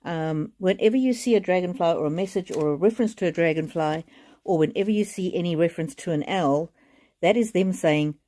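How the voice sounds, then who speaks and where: A woman giving a live oracle card reading, speaking gently and reassuringly to viewers in a chatty way with many fillers, often close to tears. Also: on the low side, brisk.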